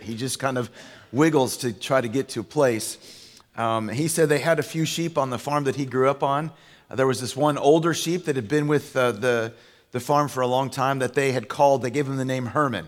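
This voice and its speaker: A male pastor delivering a sermon in a relaxed, storytelling manner, full of fillers and self-corrections. His mid-pitched voice rings out with a long reverb, as if he is heard in a large church hall. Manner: conversational storytelling with fillers and restarts.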